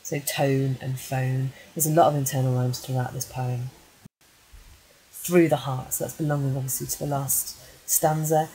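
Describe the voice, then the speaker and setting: A woman English teacher reading a poem aloud and then analysing it line by line in a measured way, with frequent ums. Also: a bass voice, fairly even intonation, warm tone, low-quality recording. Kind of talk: poetry analysis lesson.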